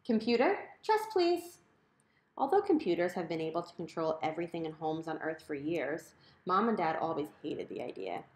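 A woman's voice: deep voice, expressive, fairly quick. Woman reading a novel aloud, roomy echo. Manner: clear, conversational storytelling. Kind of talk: audiobook narration.

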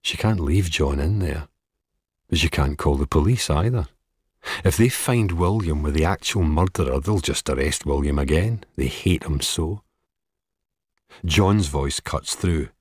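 A man narrating an audiobook in a measured, steady way. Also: rumbling low, breathy edge, dry recording, studio quality.

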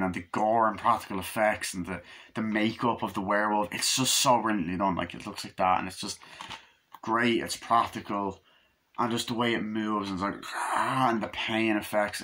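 Bright-voiced young man, profane rambling review. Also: on the low side. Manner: rambling, profane, acts out scenes with screams and voices. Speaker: movie reviewer. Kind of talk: casual rambling movie review. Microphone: camera mic.

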